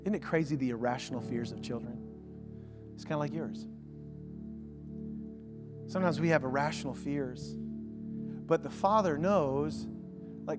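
A man preaching a conversational sermon, swinging from loud emphasis to hushed, drawn-out words. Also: a little high, in a large hall. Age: adult father of a young son. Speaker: pastor. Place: church sanctuary. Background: soft instrumental music.

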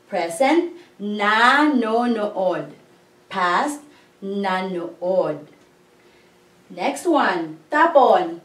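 A woman teaching a language lesson, patiently breaking words into syllables and repeating them. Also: medium pitch. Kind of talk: slow classroom-style grammar lesson. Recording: echoey room, voice a bit far from the mic.

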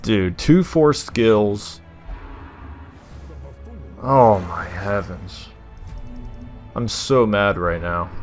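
Over soft background music, a young adult man with a lowish voice talks extremely slowly and pauses often. He's a gaming streamer venting through exasperated live gameplay commentary, using mild oaths instead of swears.

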